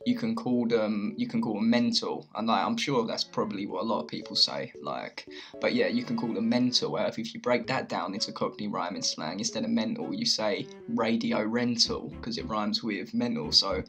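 A man's voice: lowish voice, normal speed, fairly bright tone, soft background music. A young man with a London accent, explaining slang to camera in a loose, chatty way. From England. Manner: chatty, loose, with many "like"s and restarts. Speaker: video host teaching slang.

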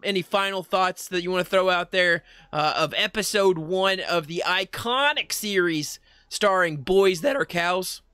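Bright-voiced man in his thirties. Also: high-pitched, measured pace, smooth, no room sound. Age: 30s. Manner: upbeat, laughs often, rattles off lists. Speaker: podcast co-host. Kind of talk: casual chat, reading viewer comments.

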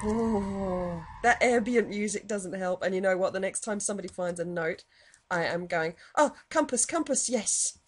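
A woman's voice: mid-range voice, fairly even intonation, normal speed. A woman with a South Australian accent commenting casually while she plays a game, chatty and jumpy, crying out when startled. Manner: chatty, jumpy, cries out in alarm at scares. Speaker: gaming YouTuber. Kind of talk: let's play commentary. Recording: loud background noise.

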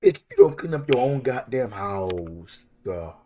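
A man's voice: mid-range voice, sing-song, a little slow, warm tone, a little hiss or hum. A man giving casual, profane commentary while playing a horror game, talking to himself about how scared he is. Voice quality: profane, jumpy, talks to himself. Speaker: gaming streamer.

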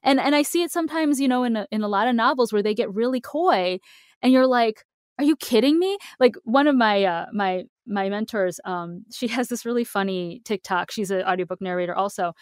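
Animated woman chatting on a podcast. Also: medium pitch, brisk, clean tone, dry recording, studio quality. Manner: animated, emphatic, acts out quoted reactions. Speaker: podcast co-host. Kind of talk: casual podcast chat.

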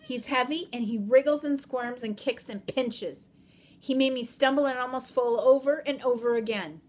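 A woman reading aloud as a stubborn, indignant peasant girl, speaking emphatically and louder than her narration. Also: a little high, lively intonation, moderate pace. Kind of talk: audiobook reading.

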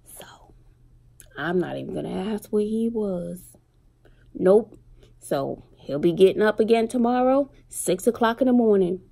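A middle-aged woman and mother chatting casually to her viewers, telling stories with slang and animated retellings. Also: mid-range voice, measured pace, creaky. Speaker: vlogger and single mother. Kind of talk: casual chat to camera.

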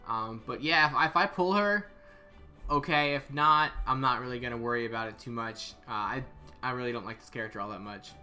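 Bright-voiced man reviewing game stats. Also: mid-range voice, brisk, faint music behind. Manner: casual, thinking aloud with hesitant repeats. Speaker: game content creator. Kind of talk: casual game character review.

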